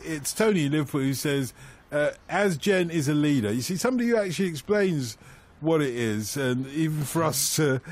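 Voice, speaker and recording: A man's voice: a little high, expressive, a little fast. A man hosting a radio football phone-in, reading out listeners' messages and laughing at his own puns.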